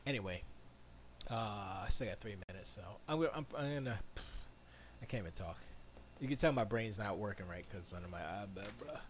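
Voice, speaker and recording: A man talking casually to his stream from his home studio, rambling and muttering to himself, drifting between loud and hushed. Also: fairly low pitch, animated, a little fast, slight background noise. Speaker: live streamer.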